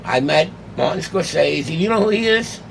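Gravelly New man telling stories. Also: on the high side, normal speed, slight background noise. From New York City. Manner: animated, acts out quoted dialogue. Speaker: guest, autograph collector. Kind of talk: casual storytelling.

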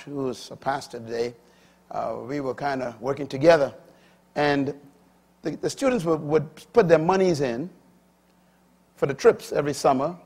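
Husky man in his fifties, slightly high voice, emphatic preacher swinging loud to soft. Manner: emphatic, swinging between loud declarations and quiet asides. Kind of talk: sermon.

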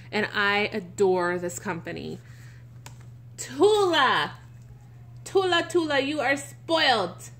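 A woman vlogger chatting casually and gushing excitedly while she opens a box of baby items. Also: medium pitch, slight background noise. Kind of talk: casual unboxing chat.

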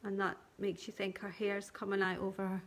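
A craft tutor, this woman speaks in a brisk, monotone medium pitch as she teaches colouring and shading on a live stream. She guides gently through each step and thanks her viewers by name.

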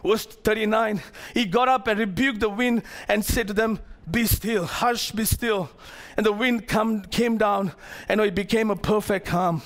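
A man preaching a sermon as pastor to his congregation, animated, acting out the characters of the story and joking with the crowd. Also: high voice, normal speed, few pauses. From Malaysia. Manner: playful asides to the congregation.

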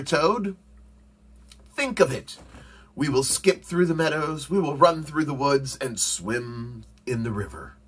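Guy reading as a squeaky excited frog, way up high, bouncy and lively, kinda husky. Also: heavily acted. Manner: urgent, pleading calls. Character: excited, eager young male frog. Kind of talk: storybook read-aloud.

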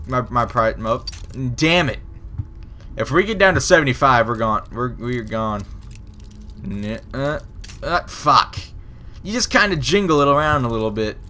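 Slow-talking, swearing gaming commentator man. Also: mid-range voice, animated, bright, forceful tone, slight background noise. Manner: profane, frustrated, laughing at himself. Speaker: gameplay commentator. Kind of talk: let's play commentary.

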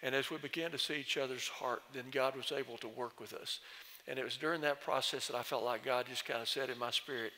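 An older man, a former committee chairman, telling gently humorous stories in a speech at a church celebration. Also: mid-range voice, steady tone, fast. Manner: folksy, gently humorous storyteller. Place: large church sanctuary. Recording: long church reverb.

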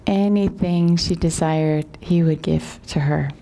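Telling a parable at a relaxed pace, this yoga teacher now and then lowers her voice to a whisper and keeps asking "right?" She has a deep voice.

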